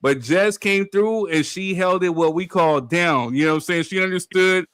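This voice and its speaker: A man's voice: high-pitched, moderate pace, smooth, no echo. A man hosting a casual live-stream chat, telling laughing stories and quoting others. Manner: laughing, animated storytelling with quoted voices. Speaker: host.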